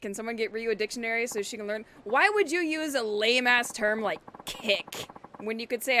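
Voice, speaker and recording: A woman's voice: fairly high pitch, expressive, moderate pace, pushed and bright. A woman streaming a video game, joking and teasing the characters on screen as she plays. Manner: jokey, teasing, talks back to game characters. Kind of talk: playful let's-play commentary. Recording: game music playing behind.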